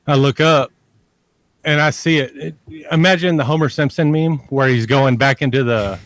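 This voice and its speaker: A man's voice: mid-range voice, moderate pace, a bit bright, no echo. A man telling a long personal story as a podcast guest. He rambles, repeats himself and curses freely. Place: lives near a large army base in Texas.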